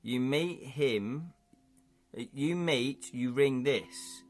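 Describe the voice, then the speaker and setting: Man putting on a slow pidgin-talking hobgoblin. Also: mid-range voice, faint music behind. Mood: earnest. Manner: broken pidgin grammar, slow halting delivery. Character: simple-minded friendly male hobgoblin in a dungeon.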